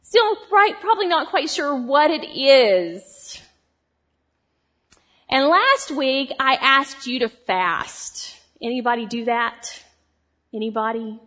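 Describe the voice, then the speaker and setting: A woman preaching a sermon in a chatty, animated way, asking her congregation questions. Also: sits high, slow. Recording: long hall reverb.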